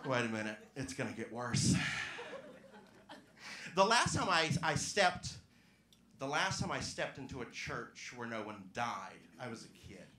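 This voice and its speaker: A stand-up comedian from Georgia working the crowd with self-mocking punchlines. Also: male voice, medium pitch, very animated, a little slow, bright, forceful tone, slight background noise. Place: comedy club stage. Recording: echoey club room.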